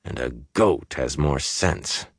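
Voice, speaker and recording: Stern terse warrior guy, flat clipped talk, super deep voice, man reading it dry and close. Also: unhurried, no echo, heavily acted. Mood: angry.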